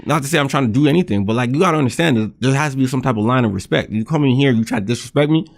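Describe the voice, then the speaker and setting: A man's voice: medium pitch, rapid-fire, gravelly. A man co-hosting a podcast in casual chat, heated and emphatic, repeating his points. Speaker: podcast co-host.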